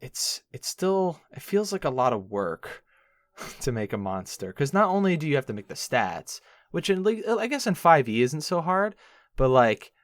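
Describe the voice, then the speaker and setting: A man's voice: on the high side, moderate pace, no echo. A man hosting a podcast, chatting casually with lots of hesitations and fillers. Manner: animated, hesitant with many fillers. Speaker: podcast host. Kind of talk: casual chat.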